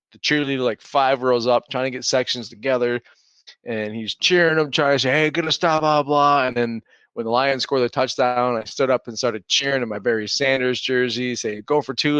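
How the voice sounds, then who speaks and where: A man's voice: medium pitch, a little fast, smooth, no room sound, dull audio. A man co-hosting a podcast, telling stories in a casual chat and acting out his kids' voices. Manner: animated storyteller acting out his kids' lines. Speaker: podcast co-host.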